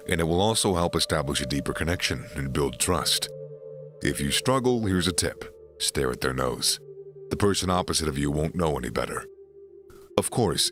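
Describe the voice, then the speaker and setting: A man narrating a scripted self-improvement voice-over in a slow, deliberate, even delivery. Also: extremely low pitch.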